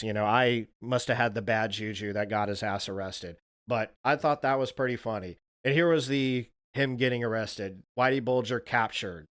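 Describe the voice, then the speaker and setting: A man's voice: medium pitch, clear, resonant tone, no echo, clean studio sound. A man hosting a livestream, telling stories casually, rambling, swearing freely and laughing at his own tales. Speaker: livestream host. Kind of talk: casual storytelling to a livestream audience.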